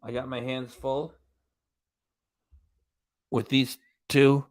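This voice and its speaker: A man's voice: mid-range voice, level tone, very slow. Man giving dry live-stream commentary. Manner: running commentary, reading out quotes, dry asides. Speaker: reaction channel host.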